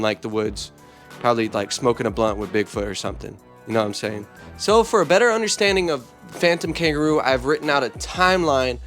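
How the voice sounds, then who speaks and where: Energetic joking male vlog host. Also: mid-range voice. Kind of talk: comedic vlog.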